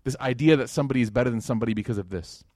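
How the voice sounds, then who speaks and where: A man giving a religious lecture to a live audience, telling stories in a lively, casual way with plenty of slang and fillers. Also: medium pitch, very fast, no echo, studio quality. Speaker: Islamic lecturer.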